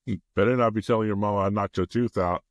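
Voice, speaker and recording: A man on a podcast, chatting casually and throwing in quick jokey quips. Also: fairly low pitch, steady tone, no echo. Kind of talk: casual conversation.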